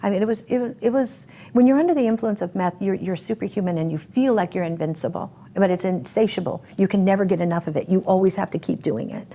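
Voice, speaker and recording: A woman's voice: mid-range voice, fast talker, hardly any pauses, dark tone, slight background noise. A woman telling her life story in an interview, speaking emphatically and repeating words for effect. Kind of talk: personal testimony in a sit-down interview.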